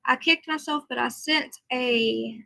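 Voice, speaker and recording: A woman hosts a casual livestream, talking easily and answering her viewers as she goes. She sounds tired, but her voice stays bright and a little high. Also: a little slow, gravelly, rough recording. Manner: chatty, reads and answers viewer comments. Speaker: livestream host.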